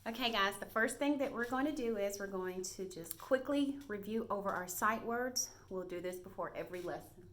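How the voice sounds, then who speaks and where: A woman teaching a first grade reading lesson to young children, speaking slowly and encouragingly and sounding out words clearly. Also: mid-range voice, a bit bright, a little hiss or hum.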